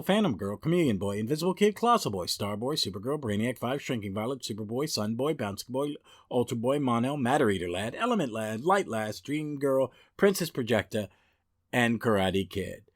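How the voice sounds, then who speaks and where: A man's voice: medium pitch, no room sound, studio quality. A man hosting a comic podcast, talking enthusiastically and reading aloud from a reference book with some restarts. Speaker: podcast host. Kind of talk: casual podcast talk.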